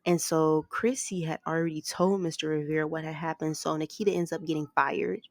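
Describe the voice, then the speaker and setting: A woman's voice: low voice, steady tone, brisk, darkish tone, no room sound. A woman casually recapping a movie plot, rambling from scene to scene with lots of "like" and "ends up". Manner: rambling, strings events with "like" and "ends up".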